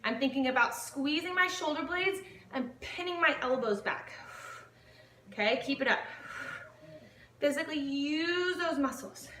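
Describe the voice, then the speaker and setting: High-voiced woman coaching a home workout. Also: lively intonation, measured pace, pushed and bright, reverberant, distant mic, a little hiss or hum. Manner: upbeat, counting reps aloud while exercising. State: out of breath. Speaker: fitness instructor. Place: home living room.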